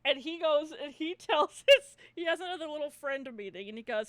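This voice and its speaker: A woman's voice: high voice, a little fast, hardly any pauses, fairly bright tone, no room sound. A young woman co-hosting a casual chat, retelling a movie plot, laughing often, swearing freely and acting out the characters' lines. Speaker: podcast co-host.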